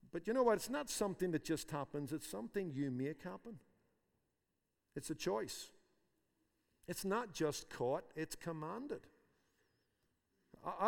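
Male pastor, high-pitched, emphatic sermon delivery, long reverb. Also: clean tone. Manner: emphatic, repeats phrases for force.

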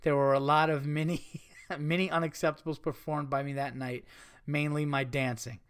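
A man's voice: on the high side, flat delivery, moderate pace, fairly bright tone, clean tone. A young adult man hosting a comedy podcast, reading listener stories aloud with crude, laughing asides.

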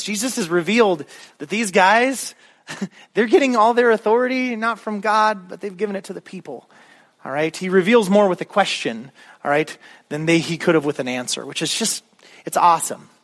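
A man preaching a sermon as a pastor, in a conversational, animated way with frequent "all right?" asides to the congregation. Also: high voice.

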